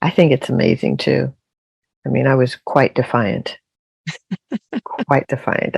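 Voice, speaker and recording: A woman's voice: very deep voice, lively intonation, a little slow, vocal fry, husky, dry recording, muffled recording. An older woman, a podcast guest, telling her story with emphatic, repeated phrases. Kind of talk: casual interview storytelling.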